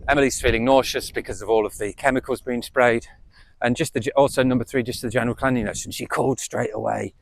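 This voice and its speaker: A man's voice: mid-range voice, fairly even intonation, fast talker, vocal fry, dry recording. A man telling a story casually to camera, rambling and repeating himself with many fillers, outdoors in the wind on a small mic. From United Kingdom. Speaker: vlogger. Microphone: small camera mic without windscreen.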